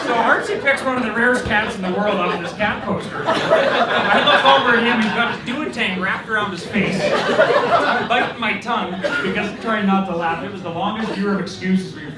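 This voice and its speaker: A man in his thirties gives a best man's toast in a high voice, laughing through jokey stories and turning earnest when he praises his friend. He sounds far from the mic in a reverberant hall, with loud room noise around him. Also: normal speed. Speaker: best man giving a wedding speech. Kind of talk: wedding toast storytelling. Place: reception hall with guests.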